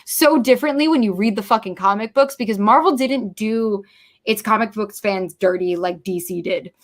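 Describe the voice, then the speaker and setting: A young woman chatting casually as a guest, animated, swearing freely and acting out her own quoted lines. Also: medium pitch, moderate pace. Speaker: podcast host guest. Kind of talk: casual chat.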